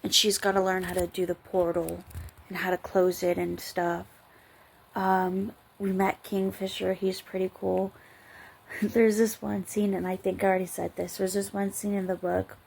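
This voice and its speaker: A woman's voice: mid-range voice, little pitch movement, normal speed, vocal fry, a little mellow, breathy edge. A tired woman chatting casually late at night, rambling and giggling as she reviews a book. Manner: rambling, giggly, trails off and restarts. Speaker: book vlogger.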